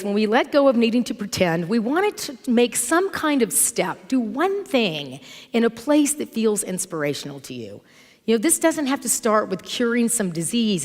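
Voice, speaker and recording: A middle-aged woman minister giving a sermon in a church, telling stories in an animated, conversational way. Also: fairly high pitch. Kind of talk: sermon with storytelling. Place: church sanctuary. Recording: long hall reverb from church.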